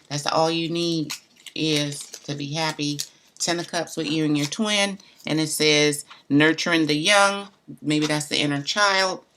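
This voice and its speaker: This tarot reader's low, slightly bright voice comes with a little hiss or hum. Hosting her live reading stream, she's chatty, speaks right to viewers, and stays loose and blunt with mild cussing.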